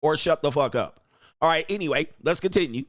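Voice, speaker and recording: A man's voice: on the high side, lively intonation, fairly quick, no echo, clean studio sound. A man hosting a livestream, giving crude, combative commentary, berating his chat and laughing often. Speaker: livestream show host and dating coach.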